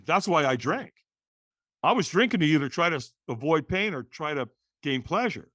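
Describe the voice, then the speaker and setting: Man, middle-aged, interview guest, lively storyteller, slightly high voice, dry close sound. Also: normal speed, no room sound. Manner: animated, acts out voices in quotes, restarts words.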